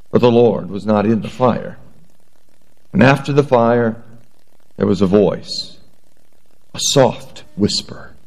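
A man preaching a sermon, reading scripture aloud in a measured, earnest way before praying and beginning his message. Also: mid-range voice, darkish tone, rough recording. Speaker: pastor.

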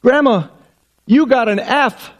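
A man voicing a cheeky, wide-eyed little girl in a sermon story. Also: slow pace. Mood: gleeful. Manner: high, insistent and gleeful.

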